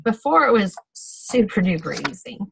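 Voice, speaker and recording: A woman's voice: medium pitch, very animated, moderate pace, creaky, background noise. A woman giving a casual, practical training talk on a video call, chatty and full of fillers and self-corrections. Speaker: sales team trainer.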